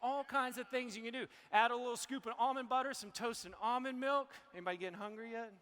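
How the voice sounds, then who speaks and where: A man's voice: very high-pitched, steady tone, fast talker, pushed and bright, smooth. A man giving an emotional, motivational health talk on stage to a live audience. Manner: emotional, preachy motivational delivery. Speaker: health speaker presenting to an audience. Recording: hall reverb.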